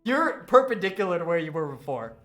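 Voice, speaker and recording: A man's voice: sits high, big pitch swings, fast talker, fairly bright tone, soft background music. A man narrating as game master in a casual tabletop session, swearing and laughing often.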